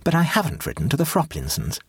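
A tired, sardonic Edwardian society wife, put on by a male reader in an audiobook. She speaks with weary defiance and a wry, husky edge. Her voice leaps high and low with lively scorn, close and dry. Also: quick pace, no echo, heavily acted. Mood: wearily defiant.

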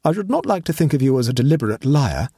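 A man voicing a stiffly offended gentleman guest, speaking coldly and precisely in a storybook reading. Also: medium pitch, very animated, fast talker, creaky, slightly rough, no echo, studio quality, voice pushed up, exaggerated voice. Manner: cold, precise.

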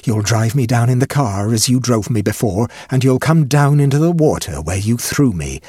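Man doing a drowned ghost woman, soft and coaxing, menacing, husky, dry close sound. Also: mid-range voice, expressive, moderate pace, no echo.

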